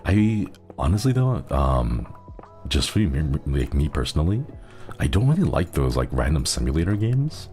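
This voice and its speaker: A man's voice: extremely low pitch, big pitch swings, moderate pace, darkish tone, soft background music. A man streaming a game, chatting casually and thanking viewers while resting a strained throat. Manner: rambling, chuckles often, thanks viewers. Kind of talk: casual gaming stream chat.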